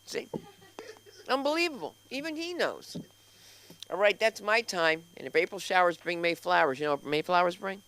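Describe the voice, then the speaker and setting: A woman's voice: lowish voice, animated, normal speed, fairly bright tone, low-quality recording. A woman hosting a comedy open mic, rambling through loose, crude banter on stage. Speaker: comedy school host. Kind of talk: stand-up host banter.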